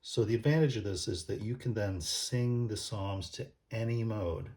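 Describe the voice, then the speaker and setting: A man's voice: lowish voice, normal speed, darkish tone. A man explaining church music casually, thinking aloud with many ums and restarts as he pages through a book.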